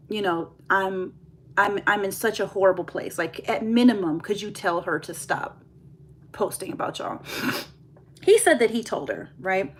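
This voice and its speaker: A young woman vlogger chatting candidly to her viewers in a get-ready-with-me video, telling a personal story and laughing at times as she talks. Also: mid-range voice. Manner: candid, confessional, laughs while telling, addresses viewers as y'all.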